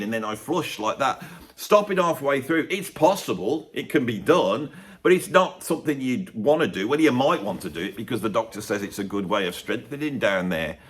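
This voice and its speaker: A man rambles to camera in a chatty, digressive solo monologue, often tagging questions onto his sentences. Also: mid-range voice. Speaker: YouTuber.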